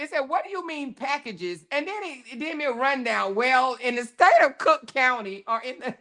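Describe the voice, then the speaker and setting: A woman hosting a casual livestream, reading chat comments aloud and reacting with frequent laughter and animated, slangy talk. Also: high-pitched, normal speed, hardly any pauses. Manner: animated, laughs often, African American Vernacular English.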